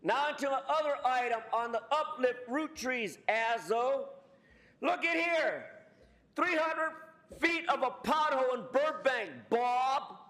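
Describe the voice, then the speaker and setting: A man giving a combative, profane public comment at a city council podium microphone, taunting and shouting at officials. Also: very high-pitched, animated, takes it slowly.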